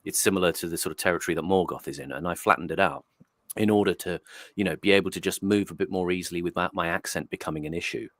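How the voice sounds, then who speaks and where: A man's voice: deep voice, fast, a bit bright, no room sound. A man from Northeast England hosting a casual podcast discussion, talking in a digressive, reflective way with many restarts. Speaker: host. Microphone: streaming setup mic.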